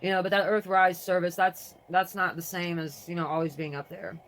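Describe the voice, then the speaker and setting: Fast-talking rambling vlogger. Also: mid-range voice. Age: adult with a grown child. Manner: rambling, self-interrupting, swings between excited and mournful. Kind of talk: casual rambling vlog, reading from a website.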